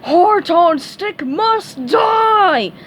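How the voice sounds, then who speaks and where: A woman's voice: very high voice, expressive, very slow, a bit bright, a little hiss or hum, pitched above the performer's own voice, full character voice. A woman voicing a furious male starfish turned monster, bellowing threats in a raised voice.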